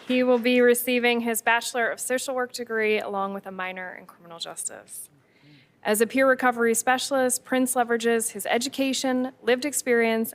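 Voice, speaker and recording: A woman moderating a briefing, reading a formal introduction of the next speaker in a courteous, measured way. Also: on the high side.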